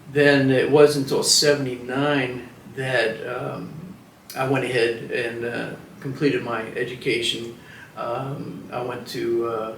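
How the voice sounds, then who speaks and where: Gravelly old guy in his 70s, lots of uh and um, roomy room, mic kinda far. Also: medium pitch, a bit bright, slight background noise. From Washington, DC, United States. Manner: hesitant, reflective, many fillers and restarts. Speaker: veteran interviewee. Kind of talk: oral history interview. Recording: roomy sound from a distant mic.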